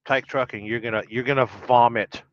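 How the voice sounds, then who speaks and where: A man's voice: mid-range voice, steady tone, brisk, no echo. A middle-aged man chats loosely through a livestream, reading out comments and teasing his viewers in a wry, wandering way. The audio is dry and dull, like a lo-fi stream. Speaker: trucker livestream host. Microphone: podcast-style audio only.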